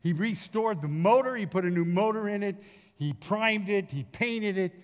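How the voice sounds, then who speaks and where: A middle-aged man, a pastor, preaching a sermon in a folksy storytelling way with lively acted asides. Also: high voice, moderate pace. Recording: long hall reverb.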